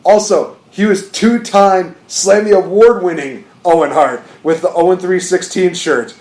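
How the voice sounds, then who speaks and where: A man's voice: high voice, unhurried, a little mellow, echoey room. A man hosting a podcast, telling stories casually and animatedly, laughing often. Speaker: podcast host. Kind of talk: casual chat.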